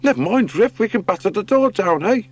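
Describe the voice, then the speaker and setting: A man's voice: sits high, lively intonation, a little fast, pitched above the performer's own voice. A man voicing a dim-witted, whiny male sea rat in a storybook reading.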